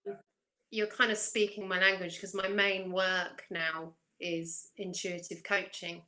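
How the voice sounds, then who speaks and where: A woman who is an intuitive coach and guest reader speaks reflectively on a spiritual chat show, turning questions back to listeners in casual conversation. Her voice sits on the low side with a level, sharp tone and a measured pace, and the recording is rough.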